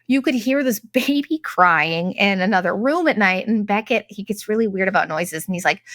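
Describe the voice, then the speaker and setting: A middle-aged woman tells a long casual travel story in a chatty, rambling way. She's sarcastic and leans on "like" constantly, at a middling pitch. The recording is dry and close, with no room sound. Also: animated, a little fast, few pauses, fairly bright tone, no echo. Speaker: podcast host.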